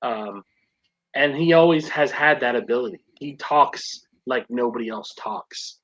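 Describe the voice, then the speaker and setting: A man's voice: mid-range voice, a little slow, fairly bright tone, rough recording. A man co-hosting a podcast, giving emphatic and enthusiastic opinions in casual chat. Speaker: podcast co-host.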